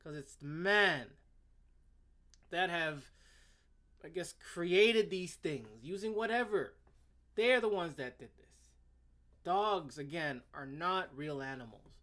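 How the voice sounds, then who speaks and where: A man hosting a commentary video, reading a web page aloud and ranting about it in a sarcastic, exasperated way, stammering and restarting often. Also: a little high. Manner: sudden swings between loud outbursts and muttering.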